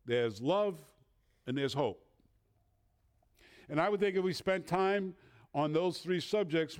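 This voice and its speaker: Earnest preacher with a northern accent. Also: male voice, on the high side. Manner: earnest, measured preaching with fillers. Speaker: substitute pastor. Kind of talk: sermon. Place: church.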